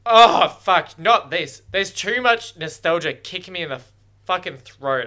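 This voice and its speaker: A man hosting a first-watch reaction video, talking excitedly at the screen and swearing freely as he reacts. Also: sits high, unhurried.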